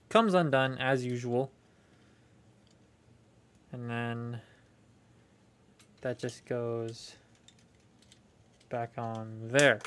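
A young man chatting casually as he unboxes toys on a live stream, rambling and talking to viewers. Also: mid-range voice. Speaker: toy collector streaming a haul unboxing.

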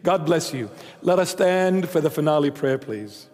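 A male bishop giving a sermon's closing words and prayers in a measured, solemn way. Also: a little high, lively intonation, a little mellow. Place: church. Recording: long church reverb.

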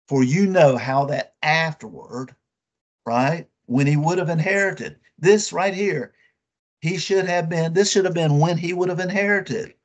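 A man preaching a sermon with emphatic, drawn-out phrases and rhetorical questions to his listeners. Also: fairly high pitch.

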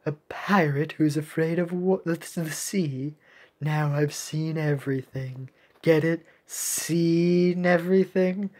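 A woman's voice: low-pitched, steady tone, slow, a little mellow. A woman voicing a stern female ice captain cookie in a mock British accent, formal and commanding. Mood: dry. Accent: British (put on).

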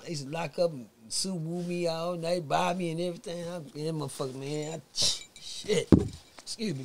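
A guest on a podcast, this man from Texas has a fairly high, gravelly voice, with slight background noise in the recording. He tells his story in casual, profane, animated talk, performing the voices of the people in it.

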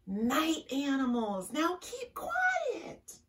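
A woman's voice: on the high side, very animated, far from the mic, background noise, voice pushed up. Woman voicing a timid hiding possum. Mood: fearful. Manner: slow, hushed and fearful.

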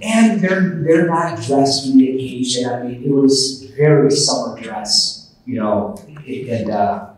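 A man's voice: mid-range voice, slow pace. A man, a priest, telling a personal story in a conversational, self-deprecating retreat talk. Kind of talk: storytelling sermon. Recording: echoey hall, voice from far off.

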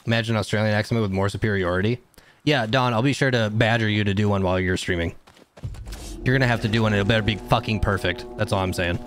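A man streaming a video game live, chatting casually with his viewers and shouting at the screen during fights. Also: on the low side, fast, soft background music. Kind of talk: casual gameplay livestream chat.

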